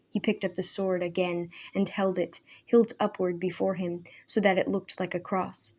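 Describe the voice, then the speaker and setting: A woman reading a storybook chapter aloud in a measured, expressive narrating voice. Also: fairly low pitch.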